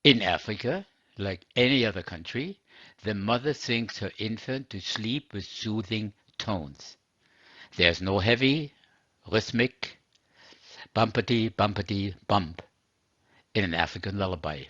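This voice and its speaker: A man reads a sermon in a measured, earnest way. His voice sits low and husky. The recording is dry and dull. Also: expressive, bright, forceful tone, no room sound. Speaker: religious teacher. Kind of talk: scripted sermon narration.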